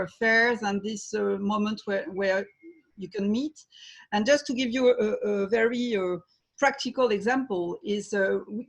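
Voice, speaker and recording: A woman's voice: mid-range voice, poor audio. French-accented woman on a panel. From France. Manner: speaks English carefully with pauses and fillers. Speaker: trade fair organizer. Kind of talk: panel talk on a video call.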